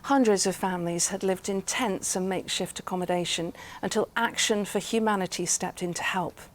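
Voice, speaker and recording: Brief: woman news anchor, mid-pitched, clear measured reads. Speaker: news presenter. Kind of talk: regional TV news presenting.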